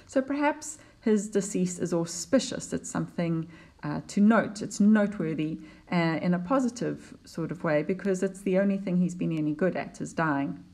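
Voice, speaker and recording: Woman, lowish voice, teacher talking through a poem over slides, patient and explanatory. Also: creaky, a little mellow. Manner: explanatory, unhurried, with fillers and restarts. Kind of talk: poetry lesson over slides.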